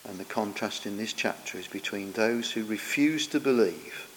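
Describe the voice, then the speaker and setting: A man preaches, explaining scripture in an earnest, teaching way. His phrases often sink quieter as they end. His voice rings out with a long reverb, as in a large church. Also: fairly low pitch, normal speed, a little hiss or hum. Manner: earnest, explanatory, drops softer at the ends of phrases. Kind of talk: sermon.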